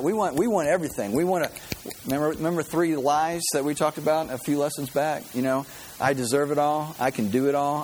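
A man's voice: on the high side, slight background noise. A man giving a conversational sermon to a congregation, acting out the voices of the people he quotes. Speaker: pastor.

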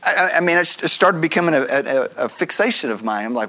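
A man's voice: fairly high pitch, lively intonation, brisk, hardly any pauses, sharp tone. A man preaching a sermon, explaining scripture in an earnest teaching manner with conversational asides. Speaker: pastor.

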